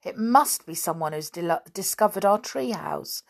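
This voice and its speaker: A woman voicing a bold, bossy schoolboy who gives brisk orders in a storybook reading. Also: mid-range voice, expressive. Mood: lively. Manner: commanding, brisk.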